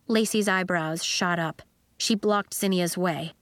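A woman narrating a children's story in an expressive storytelling manner. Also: on the low side, measured pace, dry recording. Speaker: audiobook narrator.

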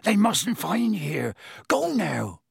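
A man reading an audiobook, voicing a huge gruff gamekeeper who pleads fiercely and hoarsely. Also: high voice, big pitch swings, slow, no room sound, studio quality, voice pushed up, exaggerated voice. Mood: urgent. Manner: urgent, strained, hoarse pleading. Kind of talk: audiobook character voice.

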